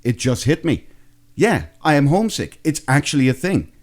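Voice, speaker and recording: A man's voice: fairly high pitch, big pitch swings, moderate pace, darkish tone. A man in his thirties from Ireland with a Waterford accent, co-hosting a podcast in casual, rambling, self-deprecating chat. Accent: Irish, Waterford. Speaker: podcast co-host.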